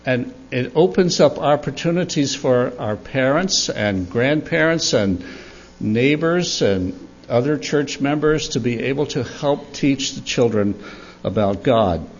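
An older man giving a storytelling sermon for children at church, animated and chuckling as he tells it. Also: mid-range voice, takes it slowly, dull audio. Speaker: church speaker.

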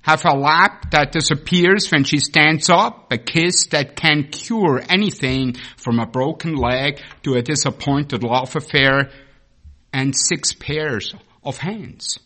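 A man's voice: on the high side, slow pace, bright, forceful tone, full character voice. A man voicing God, a patient, proud creator, in a read-aloud story during a sermon. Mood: earnest.

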